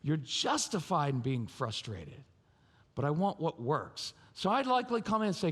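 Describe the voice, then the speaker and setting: A man giving a parenting talk at a live conference, animated and theatrical, acting out scenes and quizzing the audience. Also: a little high, moderate pace, husky. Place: large church conference hall. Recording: long hall reverb from a live venue.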